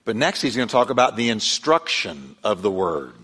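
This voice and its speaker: Animated preaching man, church echo. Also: on the low side, normal speed, husky. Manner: animated storytelling, acts out quoted voices. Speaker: pastor. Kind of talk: sermon. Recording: long hall reverb.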